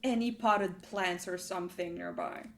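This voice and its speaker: A woman's voice: fairly low pitch, unhurried, creaky. A woman playing a tabletop game, chatting casually and laughing often. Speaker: player.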